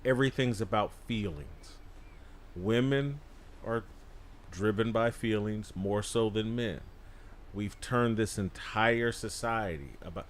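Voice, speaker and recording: A man's voice: lowish voice, slow, slight background noise. A man appearing as a guest on a studio panel show. He makes emphatic, punchy declarations of opinion. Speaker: guest commentator. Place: podcast studio.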